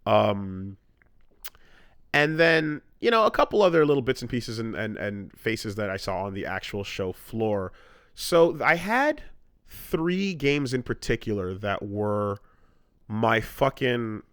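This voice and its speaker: A man's voice: lowish voice, very animated, slow pace, fairly bright tone, clean tone, dry recording, clean studio sound. Canadian man rambling on a podcast. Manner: rambling, restarts, swears often. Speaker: podcast co-host. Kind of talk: casual chat.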